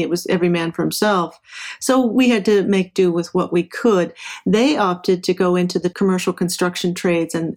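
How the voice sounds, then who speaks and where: Middle-aged woman, lowish voice, chatty storyteller guest. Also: a little mellow. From Southern California. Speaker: interview guest, engineer and professor. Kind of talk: casual storytelling.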